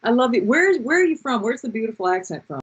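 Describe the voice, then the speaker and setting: A woman telling personal stories in a chatty, animated way on a video call, with dull lo-fi audio. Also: a little high, a little hiss or hum. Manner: chatty and animated, quick restarts. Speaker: guest speaker. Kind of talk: casual storytelling on a video call.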